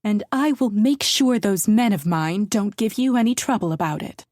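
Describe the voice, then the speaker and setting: A woman voicing a doting, genteel grandmother who coos and speaks gently but firmly, in an audiobook. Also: medium pitch, expressive, normal speed, no echo, clean studio sound, lightly acted. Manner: cooing, gently firm. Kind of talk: audiobook character voice.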